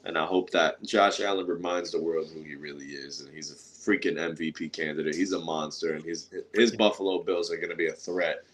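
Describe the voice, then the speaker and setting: Deep-voiced dude on a football podcast, earnest, talking picks. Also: male voice, steady tone, brisk, hardly any pauses, a little hiss or hum. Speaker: podcast co-host. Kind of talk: sports podcast talk.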